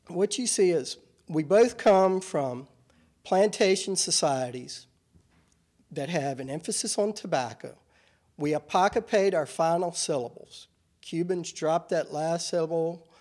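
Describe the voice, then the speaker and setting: A man's voice: a little high, a little slow, darkish tone. Wry Virginia-accented man lecturing. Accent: Southern US (Virginia). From Richmond, Virginia, US. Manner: thoughtful, wry lecturing with some self-corrections. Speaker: academic speaker at a symposium. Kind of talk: conference talk. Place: university symposium hall.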